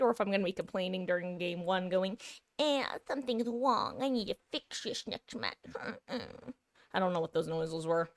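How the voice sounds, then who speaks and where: A woman's voice: fairly low pitch, creaky, no echo. A woman streaming a game live, chatting casually, answering her chat and laughing often. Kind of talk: casual chat while gaming.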